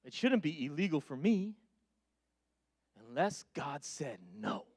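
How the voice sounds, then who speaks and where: A man preaching a sermon in a high voice that swings from loud, urgent calls down to a hushed, pleading murmur. He drops in casual, conversational asides to his congregation. The sound is close and dry, with no room echo. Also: expressive, unhurried. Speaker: pastor.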